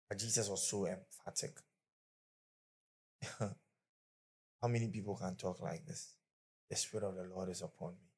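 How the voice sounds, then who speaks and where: A man preaches to a congregation in a fairly low voice. He leads call-and-response with the crowd and speaks emphatically, breaking into laughter now and then. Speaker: pastor. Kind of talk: sermon. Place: church before a congregation.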